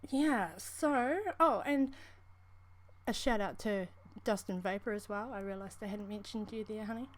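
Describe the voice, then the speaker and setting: A woman with a New Zealand accent co-hosts a casual livestream in a medium-pitched voice at a moderate pace. She rambles chattily, laughs often, and calls viewers honey.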